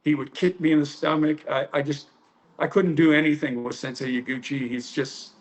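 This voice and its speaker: A man with a fairly high voice tells old training stories in a loose, rambling way. He fills the gaps with "uh" and "you know" and acts out what others said. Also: steady tone, moderate pace. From United States. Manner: anecdotal, many fillers, acts out quotes. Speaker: karate instructor. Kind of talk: storytelling interview.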